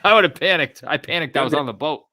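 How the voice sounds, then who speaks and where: Lively, bright-voiced man telling stories. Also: on the high side, fast. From Rhode Island, USA. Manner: animated storyteller, swears freely. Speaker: podcast host. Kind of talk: casual podcast chat.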